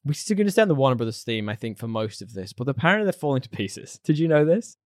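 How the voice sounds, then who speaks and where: A man's voice: mid-range voice, big pitch swings, quick pace, a little mellow, no echo, clean studio sound. A man co-hosting a podcast in casual chat, chatty and playful, laughing easily. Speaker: podcast co-host.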